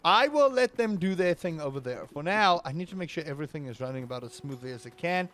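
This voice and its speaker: A man's voice: animated, fast talker, a bit bright. Playful man commenting on a game. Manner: playful, theatrical, bursts into high panicked yelps. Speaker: gaming video creator. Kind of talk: let's play commentary.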